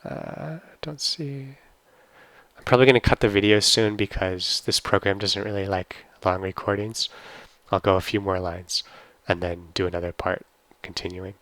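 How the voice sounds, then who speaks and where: A man's voice: deep voice, fairly even intonation, fairly bright tone, dry recording. A man giving a casual language lesson, carefully sounding out words one at a time. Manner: slow, careful pronunciation of words. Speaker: German language teacher. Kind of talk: casual screen-recorded lesson.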